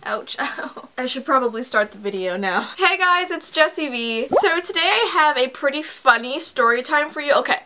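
A woman's voice: high voice, lively intonation, a little fast, hardly any pauses, background noise. A young woman from Canada telling a chatty, dramatic story time to camera at home. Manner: chatty, dramatic, playful asides. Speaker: vlogger. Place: home, indoors.

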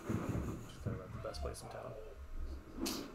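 A man's voice: fairly low pitch, steady tone, slow, gravelly, heavy background noise. A man running a tabletop adventure as game master, talking casually with many fillers and restarts.

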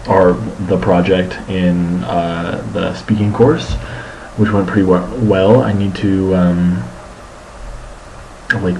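Young male student vlogger, low-pitched, chatty and meandering, recorded at home with light background hiss. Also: a little mellow, poor audio. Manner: rambling, many ums and restarts. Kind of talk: casual video diary.

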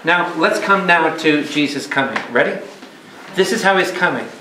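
A man, a priest leading a Bible study, teaching in a lively way, asking the audience questions and acting out the people he quotes. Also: on the high side, moderate pace, slight background noise. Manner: animated, asks the audience questions, plays out quoted voices. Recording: echoey hall with live audience. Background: audience murmurs and responses.

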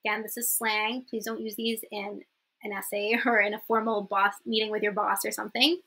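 A woman's voice: medium pitch, level tone, a little fast, bright, forceful tone, slightly rough. A young woman teaching in a casual vlog lesson, chatty and friendly, often checking in with "okay?" as she explains. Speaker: language teacher.

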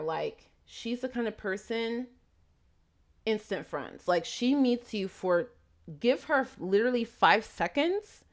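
A woman talking casually and reflectively in a vlog, with a slight trace of a foreign accent, rambling through asides and questions. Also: mid-range voice. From immigrant raised in Texas. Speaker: vlogger.

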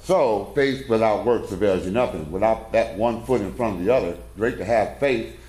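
A man's voice: fairly low pitch, moderate pace, darkish tone, slight background noise. A middle-aged man, a coach, telling a rambling, folksy, self-deprecating story to a men's conference in a church. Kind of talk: casual talk with a story. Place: church hall. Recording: echoey room.

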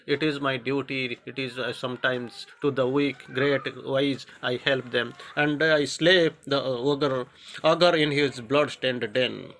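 A man, a spiritual teacher explaining a devotional poem line by line. He recites each verse with rising emphasis, then paraphrases it haltingly with restarts. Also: mid-range voice, fairly bright tone.

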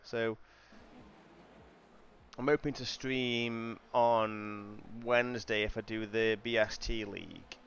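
A man's voice: fairly low pitch, fairly even intonation, takes it slowly, creaky, fairly bright tone, lo-fi sound, a little hiss or hum. A middle-aged man chatting casually to viewers as a sim racing streamer, laid-back and calling everyone "mate". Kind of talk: casual live-stream chat. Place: home sim racing rig.

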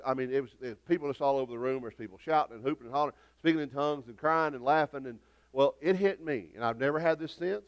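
A man's voice: medium pitch, dull audio. A middle-aged man, preaching a sermon as pastor in a folksy, rambling storytelling way with many restarts. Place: church sanctuary.

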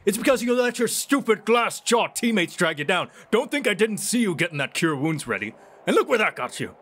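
A man voicing an angry, scornful father who shouts down his grown daughter. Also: high-pitched, sing-song, fairly quick, voice pushed up, full character voice. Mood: furious.

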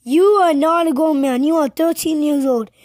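A woman's voice: high-pitched, normal speed, a little mellow, no room sound, natural voice. A woman voicing a strict churchgoing father in a homemade comedy skit, stern and scolding, repeating his orders.

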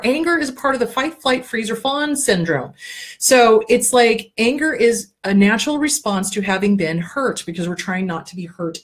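A middle-aged woman, a therapist hosting a talk show, giving blunt, animated advice with lots of swearing. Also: mid-range voice. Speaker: therapist host.

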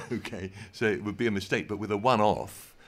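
An older man with an English accent, a former television director telling stories from his career in an interview, unhurried with dry humour. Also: on the low side, steady tone. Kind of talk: anecdotal interview talk. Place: event stage in front of an audience.

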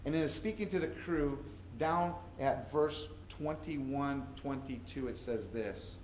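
A man's voice: medium pitch, unhurried, few pauses, a little mellow, roomy sound, a little hiss or hum, rough recording. A male pastor giving a conversational, earnest sermon in a church, repeating phrases for emphasis. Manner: earnest conversational preaching with repetitions.

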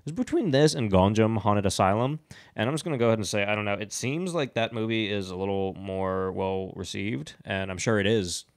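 Excitable, laughing male podcast host. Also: lowish voice, brisk. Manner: excitable, laughing, swearing freely. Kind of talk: casual podcast chat.

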